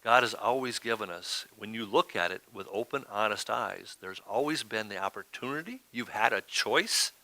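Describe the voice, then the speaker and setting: A man's voice: fairly low pitch, normal speed, vocal fry, few pauses, sharp tone, no echo. A man preaching a sermon as pastor, talking in a conversational way and often asking "right?".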